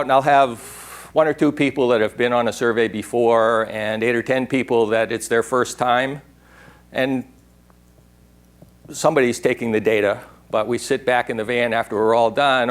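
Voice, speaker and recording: Older guy rambling through a conference talk, goes off on tangents, mid-range voice. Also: medium pitch. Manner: rambling, digressive, imitates owl calls. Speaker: workshop speaker.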